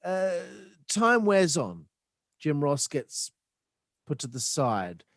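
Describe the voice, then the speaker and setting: Hesitant podcast host. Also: male voice, a little high, huge pitch swings, slow pace, fairly bright tone, no room sound, studio quality. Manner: rambling, hesitant, searching for words. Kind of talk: casual podcast chat.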